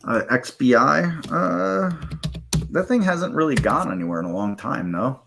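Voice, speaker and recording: A man hosting a live trading stream, walking through software in a loose, rambling way with many fillers and self-corrections, and hiccups now and then. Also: medium pitch, expressive, unhurried, creaky, noisy background. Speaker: live trading room host.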